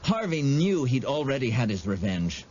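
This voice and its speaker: A man narrating an audiobook in a dramatic, expressive storytelling manner. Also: mid-range voice, moderate pace, highs cut off, a little hiss or hum.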